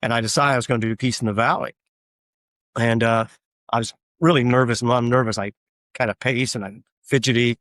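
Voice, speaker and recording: A man of middle pitch speaks as a guest in a casual interview. He tells long, rambling anecdotes and fills them with frequent fillers. The recording is dry and close, with little room sound. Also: fairly even intonation, brisk, a bit bright, no echo. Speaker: guest, tribute artist for a famous singer.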